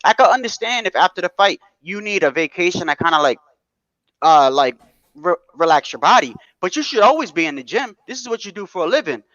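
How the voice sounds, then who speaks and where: A man's voice: high voice, fairly quick, dry recording, dull audio. A man co-hosting a live boxing commentary chat from home. He talks casually, with lots of swearing and "bro.". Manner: animated, profane, repeats "bro". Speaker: boxing podcast co-host.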